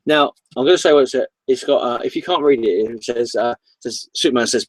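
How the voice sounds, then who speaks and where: A man's voice: medium pitch, a little fast, hardly any pauses, dry recording, rough recording. A man chatting casually on his comic book vlog, enthusiastic and rambling, often repeating himself.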